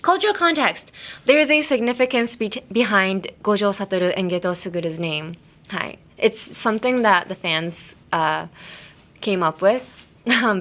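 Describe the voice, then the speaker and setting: A woman's voice: on the low side, fairly bright tone. A woman hosting a podcast English lesson, talking casually and rambling with lots of fillers and self-corrections. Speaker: podcast host teaching English through anime.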